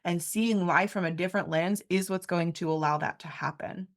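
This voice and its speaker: A woman's voice: on the low side, normal speed. A woman in her thirties hosting a heartfelt interview, gushing and effusive, with lots of "like" and "you know". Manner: effusive, gushing, filler-heavy. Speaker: interview host.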